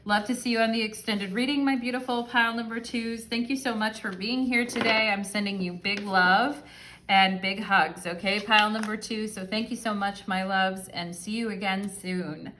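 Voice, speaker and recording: A woman's voice: mid-range voice, a bit bright, slight background noise. A woman giving a casual pick-a-card tarot reading, talking straight to her viewers in a chatty, affectionate way with a lot of fillers. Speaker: tarot reader.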